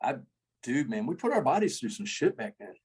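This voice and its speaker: A man's voice: mid-range voice, very animated, fairly quick, a little mellow, breathy edge. A middle-aged man, a retired first sergeant, telling rambling, profane army stories as a podcast guest. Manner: rambling, profane, folksy storyteller. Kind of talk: casual storytelling interview.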